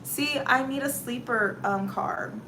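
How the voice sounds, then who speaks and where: A woman's voice: high-pitched, takes it slowly, background noise. A woman with a Southern US accent hosting a casual livestream chat, telling stories with dramatic exclamations and reading out viewer comments. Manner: animated storyteller with dramatic exclamations. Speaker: livestream host.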